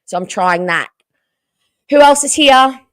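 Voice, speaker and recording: An Australian woman hosting a casual livestream, hoarse from losing her voice and chatting with viewers about the game. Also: sits high, measured pace, dry recording, clean studio sound. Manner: chatty and animated, reading out viewer comments. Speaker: livestream host.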